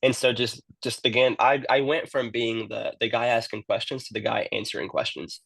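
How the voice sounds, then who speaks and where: A man's voice: mid-range voice, fairly even intonation, moderate pace, gravelly, fairly bright tone, breathy edge, no echo. A man who works in youth ministry, telling his story in a casual interview and often repeating words as he starts a sentence.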